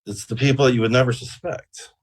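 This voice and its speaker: A man's voice: medium pitch, fairly even intonation, fast. A man guest on an interview show, telling a rambling story casually with plenty of swearing and fillers. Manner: rambling and profane, with many fillers.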